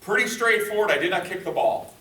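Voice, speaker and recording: A man running a workshop session with a bright, forceful voice that rings in a large echoey room. He is picked up from a distance, with faint room ambience behind him, and acts out the quotes he tells as he talks. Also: sits high, fairly quick. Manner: lively, conversational, acts out quotes. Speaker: workshop trainer. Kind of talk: corporate training seminar.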